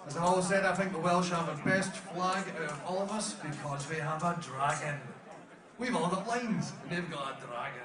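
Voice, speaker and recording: A man's voice: on the high side, moderate pace, a crowd in the background. A man with a Scottish accent giving joking live commentary at a tournament. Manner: chatty, joking banter. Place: outdoor fighting tournament venue. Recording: echoey, distant, noisy arena.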